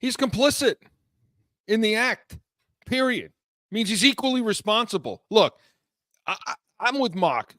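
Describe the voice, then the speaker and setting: Sports radio co-host, higher voice, fired-up, stammers, dry sound. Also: male voice, expressive, unhurried, pushed and bright, no room sound. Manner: fired-up, stammering restarts, acts out quotes. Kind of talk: heated sports radio talk.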